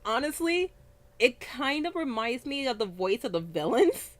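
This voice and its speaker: A woman with a fairly high voice chats loosely about anime with a friend. She swears freely and keeps stumbling over names, laughing it off as she goes. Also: big pitch swings, normal speed. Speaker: anime review co-host. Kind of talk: casual chat.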